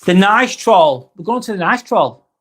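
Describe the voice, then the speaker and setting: A man's voice: sits high, unhurried, breathy edge. A man hosting a live vlog, talking casually and reading out viewer comments, with lots of ums and some swearing. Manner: relaxed and chatty, with frequent ums and casual swearing.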